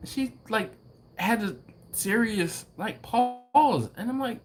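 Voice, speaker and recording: A man hosting a live barbecue stream, chatting casually with viewers and acting out people in a story in a high mimicking voice. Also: animated, slow, slight background noise. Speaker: host of a live BBQ show.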